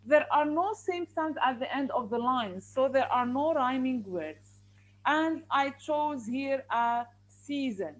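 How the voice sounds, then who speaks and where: A woman's voice: sits high, expressive, takes it slowly, rough recording. A woman teacher, patiently explaining and counting syllables aloud in a classroom.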